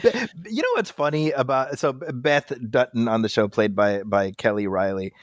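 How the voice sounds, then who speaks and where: A man's voice: mid-range voice, normal speed, dry recording, clean studio sound. A man co-hosting a film podcast in casual chat, rambling with many fillers and restarts. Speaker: podcast co-host.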